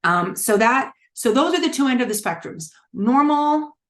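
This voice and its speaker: A woman's voice: sits high, lively intonation, moderate pace, fairly bright tone. A middle-aged woman coaching a wellness challenge, talking candidly and casually with many fillers and restarts. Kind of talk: casual teaching talk.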